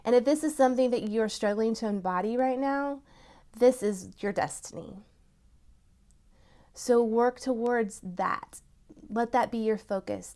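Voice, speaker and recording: Speaking in a mid-range voice, a woman reads tarot for her viewers. Her tone is supportive and gently emphatic, punctuated by bursts of excitement.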